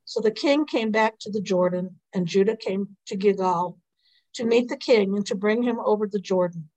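A woman reading psalms and a scripture lesson aloud in a morning prayer service, in a measured, even way. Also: medium pitch, poor audio. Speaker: scripture reader. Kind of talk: liturgical responsive reading.

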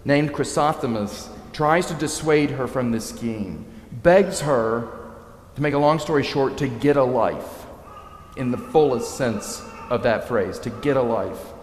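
A man preaching a sermon, telling a story in a lively way and acting out the characters' lines. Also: mid-range voice. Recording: echoey hall.

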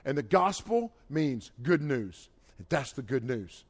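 A man's voice: medium pitch, big pitch swings, takes it slowly, breathy edge. A middle-aged man, preaching a folksy youth sermon. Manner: folksy storytelling, rises and drops in loudness. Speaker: youth pastor.

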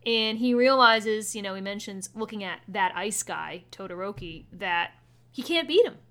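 A woman co-hosting a casual anime recap chat, chatty and quick to laugh. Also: medium pitch, expressive, fairly bright tone. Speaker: podcast co-host.

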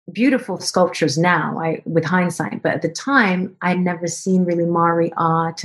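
A woman guest on a podcast telling a personal story in an animated way, acting out both sides of remembered conversations. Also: on the low side. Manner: animated, acts out both sides of dialogue in quoted voices.

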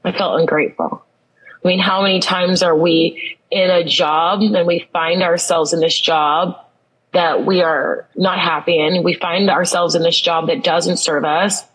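A woman's voice: on the low side, steady tone, a little slow, fairly bright tone, husky, rough recording. A woman guest in a podcast interview, telling a personal story with earnest, emphatic repetition. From United States.

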